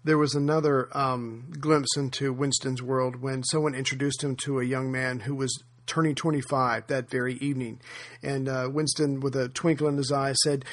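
A man hosting a history podcast, telling anecdotes in a relaxed, conversational way, with frequent fillers. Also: medium pitch, moderate pace. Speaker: podcast host. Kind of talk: casual history podcast narration.

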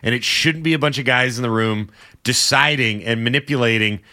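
Bright-voiced impassioned sports radio man. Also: medium pitch, a little fast. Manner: impassioned, argumentative, emphatic. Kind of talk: sports talk debate.

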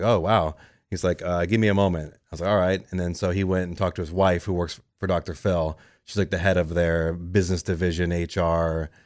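This guest, a radio producer, recounts his career in a relaxed interview setting, voicing the dialogue he quotes. His voice is low-pitched and the sound is clean studio audio with no echo, delivered in quick, lively storytelling.

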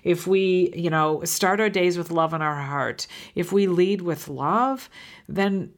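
A woman's voice: fairly low pitch, slow pace. A woman in her fifties hosting a podcast, talking earnestly and from the heart in a reflective monologue. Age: 50s. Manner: earnest and heartfelt, with frequent restarts and fillers. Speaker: podcast host.

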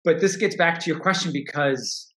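With a slightly high, somewhat bright voice at normal speed, the middle-aged coach answers interview questions earnestly and thoughtfully. He keeps restarting his sentences, and the room's echo is noticeable.

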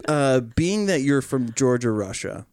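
A man's voice: mid-range voice, big pitch swings, a little slow, darkish tone, no echo. A man hosting a podcast in casual chat, playful and jokey, jumping between topics. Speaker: podcast host.

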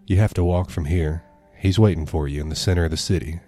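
A man puts on a filthy old vagrant with an uncanny, taunting edge in a spoken horror tale. His voice sits very low and dark, lifting only a little higher for the character's cryptic jeers. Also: fast. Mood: mocking.

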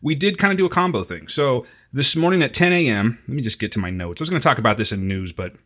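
Give me a joking man with a slightly sore throat, lively pitch, bright tone. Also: fast talker. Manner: jokey, laughs often. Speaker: podcast co-host. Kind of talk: casual banter.

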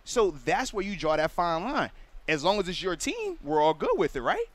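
A man's voice: high voice, very animated, moderate pace, no room sound. A man, a former pro football player, explaining his view in casual sports radio talk, earnest and explanatory.

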